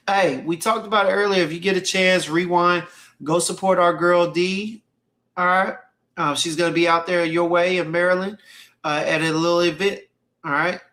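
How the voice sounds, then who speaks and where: A man's voice: on the high side, bright, forceful tone. A man hosting a casual fragrance livestream, reading viewer comments aloud in a laid-back, slangy way and repeating his phrases. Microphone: streaming mic.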